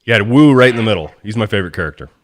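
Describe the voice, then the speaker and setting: A man hosting a podcast, chatting casually about sports and telling a story with lively swings and the odd curse. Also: on the low side, racing. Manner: animated storyteller, swears freely. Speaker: podcast host.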